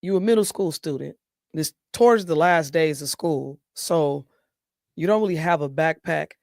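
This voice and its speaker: High-voiced animated male co-host. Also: normal speed, vocal fry, dry recording, clean studio sound. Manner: animated, profane, slangy. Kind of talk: casual chat.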